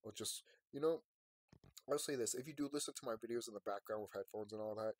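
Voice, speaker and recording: A man talking to his viewers in a rambling late-night monologue. He sounds sleepy and yawning, and he swings from quiet, tired musing to loud ranting. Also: on the low side, fast, no echo, clean studio sound. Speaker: vlogger.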